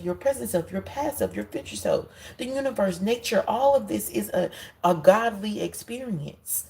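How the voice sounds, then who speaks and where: On a low-quality recording, a woman does an intuitive card reading as a spiritual monologue, speaking emphatically and directly to her viewers and often repeating herself. Her voice is a little high, gravelly and mellow.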